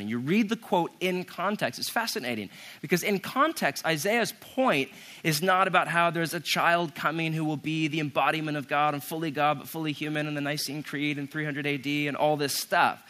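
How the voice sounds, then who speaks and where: A man preaching a sermon as pastor, reading scripture and explaining it in a conversational way, with quick asides to the listeners. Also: fairly high pitch, bright, forceful tone. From United States. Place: conference hall with an audience.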